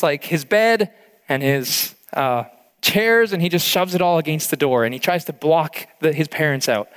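A man's voice: a little high, a bit bright, in a large hall. A male pastor preaching an earnest, heartfelt sermon, with frequent restarts.

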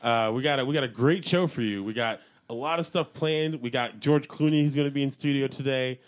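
A man co-hosting a podcast in a studio, talking in a loose, rambling way. His voice sits at an ordinary middle pitch, and he tells obvious lies with a straight face. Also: fairly quick. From California. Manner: joking, rambling, deadpan lies. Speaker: podcast co-host. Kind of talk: casual chat. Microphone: studio mic.

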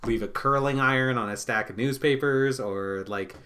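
A man's voice: mid-range voice, moderate pace, pushed and bright. A man co-hosting a podcast in casual chat, laid-back and rambling, laughing often. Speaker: podcast co-host.

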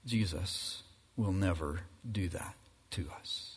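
A man preaching a sermon as pastor, emphatic and building to loud climaxes. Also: low voice, slow pace, slightly rough. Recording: reverberant hall.

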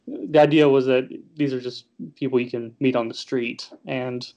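A man in his thirties with a Southern US accent, speaking as a filmmaker guest in a casual interview and pausing often with fillers and restarts. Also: medium pitch, steady tone, warm tone. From American South. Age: 30s. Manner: hesitant, many fillers and restarts. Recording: muffled lo-fi audio.

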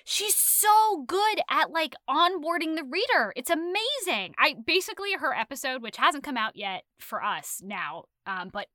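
A woman hosting a casual book chat, gushing and emphatic. Her voice sits high with a bright edge. The sound is dry and close. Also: very animated, moderate pace, hardly any pauses, dry recording. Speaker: podcast host.

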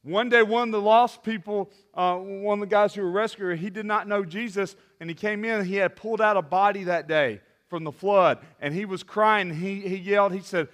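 A man preaching a sermon as a youth pastor, impassioned, with restarts, swinging from loud to hushed. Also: high voice, a little fast, few pauses.

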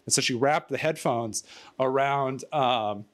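A man's voice: medium pitch, unhurried. A man telling a rambling story in casual chat, out of breath, stumbling over fillers and laughing often. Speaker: storyteller guest.

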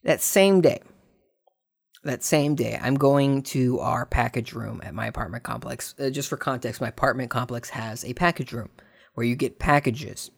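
A man hosting a podcast, telling a long story in a casual way, repeating words and swinging between hushed and excited tones. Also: medium pitch, normal speed, vocal fry. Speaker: podcast host. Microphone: desk microphone.

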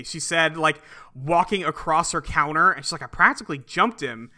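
A man's voice: on the high side, lively intonation, sharp tone. A man casually recapping a film on a podcast, acting out characters' lines as he goes. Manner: retells scenes, acting out lines in quick put-on voices. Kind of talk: casual chat.

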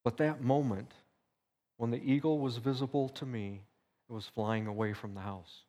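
A man's voice: medium pitch, steady tone, normal speed, dark tone. An older man teaching at church, telling a personal story in a conversational way and acting out his own thoughts. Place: church hall. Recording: echoey hall reverb.

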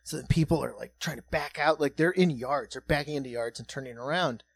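A man in his thirties hosting a comedy podcast, telling a story casually with lots of swearing. He drops to a hush and then gets loud as it builds. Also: mid-range voice, brisk, creaky, breathy edge, no echo. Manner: profane, animated, swings between hushed and loud.

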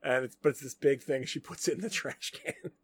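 A man hosting a podcast, retelling a film scene by scene in casual chat and acting out the characters' lines in quick put-on voices. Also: on the high side, husky, dry recording. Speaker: podcast host. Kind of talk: casual movie recap chat.

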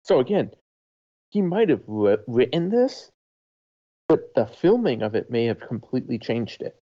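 A man's voice: medium pitch, big pitch swings, measured pace, warm tone. Man on a dull lo-fi podcast mic. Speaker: podcast co-host. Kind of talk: casual film discussion.

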